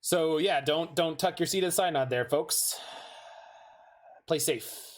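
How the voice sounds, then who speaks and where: A man's voice: fairly high pitch, slow. A man giving chatty, rambling gameplay commentary while playing an online card game, with jokey asides.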